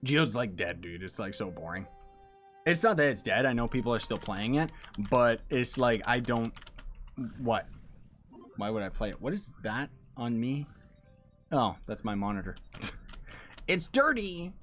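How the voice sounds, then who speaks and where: Guy streaming a game, chatty and rambling, says dude a lot, quiet music and typing behind. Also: mid-range voice, lively intonation, unhurried, long pauses. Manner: loose and rambling, slangy, talks to chat. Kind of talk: casual live-stream chat while gaming.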